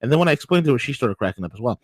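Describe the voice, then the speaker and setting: A man co-hosting a political talk show, telling stories in a mocking, crude, animated way. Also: mid-range voice, very fast, no room sound, low-quality recording. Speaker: co-host.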